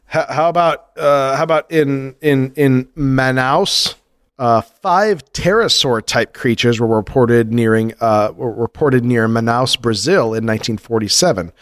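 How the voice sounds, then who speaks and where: A man co-hosting a casual podcast, joking and riffing quickly. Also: mid-range voice, clear, resonant tone, no room sound, clean studio sound. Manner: joking, riffs quickly with laughs. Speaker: podcast co-host.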